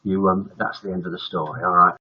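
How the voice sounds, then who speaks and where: A man's voice: low voice, steady tone, fast talker, husky, muffled recording. An older man hosting a live-streamed bedtime story show, chatting in a jokey, teasing way. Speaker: host.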